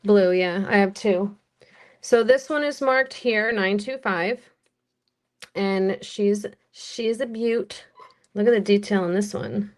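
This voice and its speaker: A woman with an American accent running a live-stream jewelry auction, chatty and unhurried as she calls bids and describes each piece. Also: mid-range voice.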